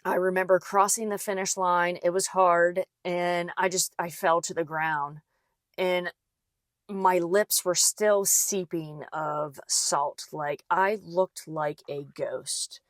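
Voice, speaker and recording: A woman's voice: fairly low pitch, steady tone, takes it slowly, no echo, clean studio sound. A woman hosting a casual solo podcast, talking chattily with lots of fillers and restarts. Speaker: podcast host, physical therapist.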